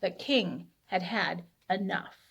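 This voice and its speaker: A woman librarian reading a picture book aloud to children in a playful, animated storytelling voice. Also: on the low side, takes it slowly, gravelly, breathy edge.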